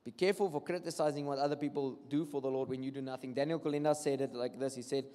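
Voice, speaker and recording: A man's voice: medium pitch, fast. A man with a South African accent preaching a sermon, telling stories and acting out what people say. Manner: switches between English and Afrikaans, animated storytelling with acted-out quotes. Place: church hall. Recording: long hall reverb.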